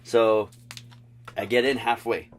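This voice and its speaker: A young man co-hosting a casual podcast, telling a story in a relaxed, swearing, laughing way. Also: mid-range voice, takes it slowly, slight background noise. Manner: laid-back storyteller, swearing, laughing easily. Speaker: podcast co-host.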